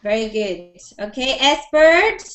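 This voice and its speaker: Woman, high voice, English teacher, online class, encouraging, says okay a lot, video call. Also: expressive, slow, fairly bright tone. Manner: encouraging, repeats okay and very good often.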